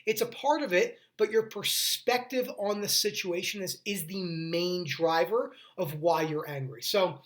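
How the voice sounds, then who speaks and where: A young man hosts a mental health video in a casual, talking-head explainer style. His voice is high-pitched and fairly bright, and he moves at a measured pace with few pauses. He speaks earnestly but rambles, often restarting sentences and drifting into tangents.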